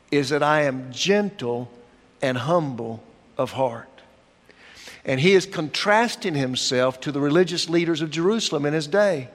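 A man preaching a sermon as pastor, slow and deliberate, leaning on emphatic pauses. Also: a little high. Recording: long hall reverb.

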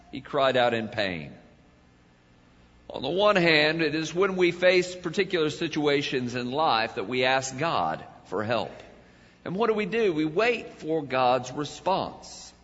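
A male pastor, preaching a sermon in a dramatic way, swelling to loud cries and then dropping low. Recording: dull lo-fi sound with long hall reverb.

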